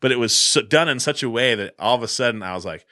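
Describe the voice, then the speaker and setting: A man's voice: mid-range voice, fast talker, no room sound, studio quality. A middle-aged man, co-hosting a podcast and telling a story animatedly in casual chat. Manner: animated storyteller acting out scenes. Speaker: podcast co-host.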